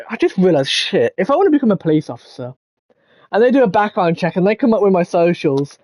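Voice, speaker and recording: High-voiced young man gaming. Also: big pitch swings, quick pace, darkish tone, no room sound. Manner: swears freely, jokey and blunt. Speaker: gaming YouTuber. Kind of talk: casual let's-play commentary.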